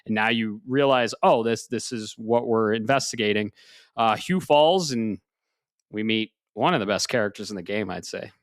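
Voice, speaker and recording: A man's voice: lowish voice, normal speed, dry recording. Laid-back swearing man, dry sound. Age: 40s. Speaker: podcast host. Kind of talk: casual chat.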